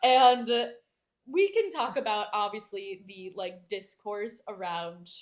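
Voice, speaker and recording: A woman's voice: mid-range voice, slow. Chatty young woman co-hosting a book podcast. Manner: chatty, filler-heavy, acts out lines from the book. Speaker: podcast co-host. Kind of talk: casual book club chat.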